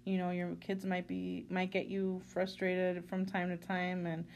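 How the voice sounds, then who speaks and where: A woman in her thirties co-hosting a podcast, talking in a warm, reflective way and now and then dropping in a Spanish phrase. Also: fairly low pitch, completely flat delivery, measured pace, gravelly. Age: 30s. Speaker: podcast co-host. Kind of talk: casual chat.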